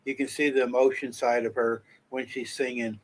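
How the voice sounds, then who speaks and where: A man's voice: mid-range voice, flat delivery, normal speed, low-quality recording. A man with an ordinary mid-range voice chats on a live stream. He teases his partner in a good-natured, easygoing way. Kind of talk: casual live-stream chat.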